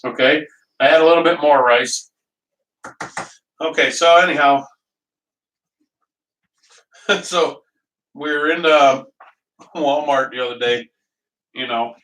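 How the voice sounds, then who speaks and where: A man's voice: on the high side, steady tone, takes it slowly, long pauses, fairly bright tone, distant mic. A man hosting a casual live cooking stream from his kitchen, rambling and chatty, greeting viewers by name and laughing often. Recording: echoey room, voice from off-mic.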